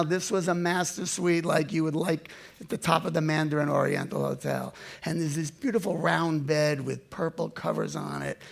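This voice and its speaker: A man in his seventies with a gravelly voice, telling his life story to an audience in an animated way that swings from loud to hushed. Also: on the high side. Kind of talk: storytelling talk.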